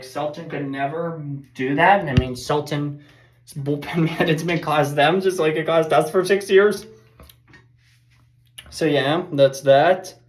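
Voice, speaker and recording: Low-voiced woman ranting baseball recap. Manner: rambling, fired-up, frank. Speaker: baseball fan podcaster. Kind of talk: casual game recap. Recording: echoey room.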